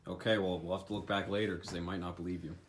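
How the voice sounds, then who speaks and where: A man's voice: low voice, little pitch movement, quick pace, a little hiss or hum. A young man helping out in a casual vlog, asking questions and teasing dryly. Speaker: helper and co-host. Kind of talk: casual chat.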